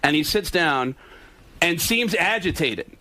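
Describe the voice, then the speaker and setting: Male comic, storyteller; lively anecdote full of voices, pitched a bit high. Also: a little slow, no room sound. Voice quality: bursts into loud shouted character voices. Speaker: impressionist comedian guest. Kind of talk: animated storytelling with impressions.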